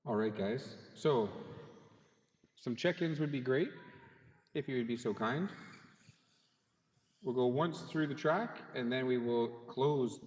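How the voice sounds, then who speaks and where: A man's voice: mid-range voice, takes it slowly, long pauses, a little mellow. Friendly man calling an RC race. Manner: friendly, chatty and apologetic, polite to drivers. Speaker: race director and announcer. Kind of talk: live race calling over a PA. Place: indoor RC race track in a hobby shop. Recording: long reverb in a large hall.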